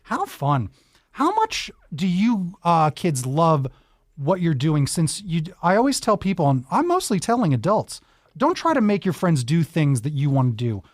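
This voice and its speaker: A male talk show host who chats with young guests and cheers them on with life advice. His pitch swings around animatedly as he talks. The sound is close and dry. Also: huge pitch swings, normal speed, dry recording. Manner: encouraging, enthusiastic, gives advice. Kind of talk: upbeat interview with kids.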